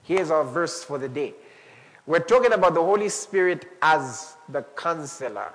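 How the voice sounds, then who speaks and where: A male pastor delivers a lively sermon in a slightly high voice, climbing to shouts and breaking into laughter. His words ring out with a long reverb from the hall around him. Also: normal speed. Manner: animated preaching, rising to shouts, with laughter.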